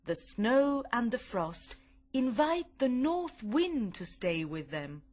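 A woman reading a children's story aloud for learners, clear, deliberate and expressive. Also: a little high. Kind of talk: slow storybook narration for learners.

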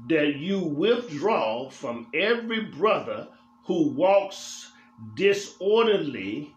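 A man's voice: on the high side, a bit bright, a little hiss or hum. A male pastor teaching a Bible study in a church, speaking emphatically and repeating phrases for weight in a preaching cadence. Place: church sanctuary. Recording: roomy church echo.

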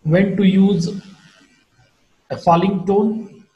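A man giving a recorded online lecture on English phonetics, teaching slowly and deliberately, with his voice rising and falling widely as he shows the tones. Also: fairly even intonation, warm tone, reverberant, lo-fi sound. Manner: slow, deliberate teaching with wide pitch swings.

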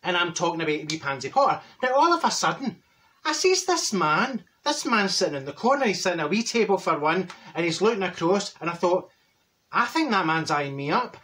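A man's voice: sits high, sing-song, fairly quick, pushed and bright, full character voice. A man playing a straight-talking older Glaswegian woman, telling a comic story in a broad, chatty Glaswegian Scottish accent. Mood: gossipy. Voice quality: broad, chatty, full of "wee" and "right?". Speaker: comic character monologue.

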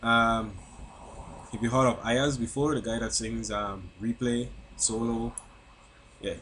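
A man's voice: mid-range voice, steady tone, takes it slowly, a bit bright, slight background noise. A young man from St. Croix with a Crucian accent, chatting casually to camera in a vlog and keeping asking "you know what I mean?". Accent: Crucian (St. Croix) English. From St. Croix, US Virgin Islands. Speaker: vlogger.

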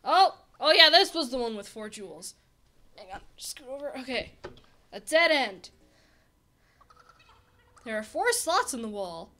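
A young woman with a high, bright voice chats her way through a video game, excitable and talkative. She speaks unhurriedly and with plenty of reactions to the characters. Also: a little slow, pauses often. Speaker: let's play host. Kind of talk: casual game commentary.

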